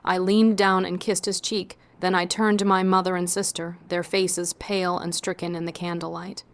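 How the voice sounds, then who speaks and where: Female storyteller, lowish voice, measured dramatic first-person narration. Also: level tone.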